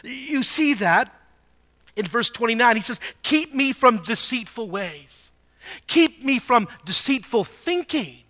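A man preaching a sermon in a high, bright voice. He leans on rhetorical questions, dropping to a hush and then rising to loud emphasis. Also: animated, takes it slowly. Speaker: pastor.

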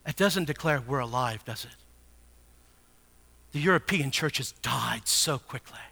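A man preaching a sermon, moving from hushed murmured questions to shouted, emphatic exhortation. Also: medium pitch, expressive, measured pace, creaky. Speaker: pastor.

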